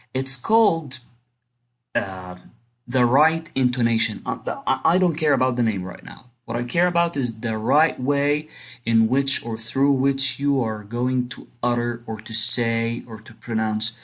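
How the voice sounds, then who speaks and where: A man teaching an English grammar lesson, explaining patiently and rephrasing his points, reading example sentences aloud with marked stress. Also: medium pitch. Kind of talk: recorded online lesson.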